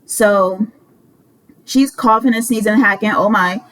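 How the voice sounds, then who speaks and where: A woman's voice: mid-range voice, a little slow, fairly bright tone, slight background noise, rough recording. A woman in her twenties telling a roommate story in a casual, rambling way, exasperated and swearing freely. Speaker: vlogger.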